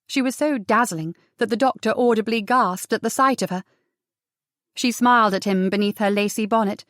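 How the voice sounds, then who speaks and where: A woman narrating a novel as an audiobook with a measured, expressive reading. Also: a little high, no room sound, studio quality.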